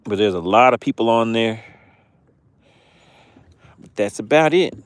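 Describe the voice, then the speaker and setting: A man's voice: mid-range voice, expressive, unhurried, no room sound. Southern-accented Georgia man, laid-back fishing livestream host, chatty commentary, dry mic. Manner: chatty, reads viewer comments aloud with amused asides. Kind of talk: casual livestream chat reading comments. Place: on a boat on a lake outdoors.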